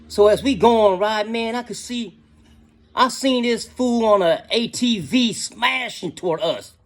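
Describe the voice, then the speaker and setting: A man's voice: high voice, measured pace. A middle-aged man telling a casual story in slangy talk, often adding "you know what I'm saying".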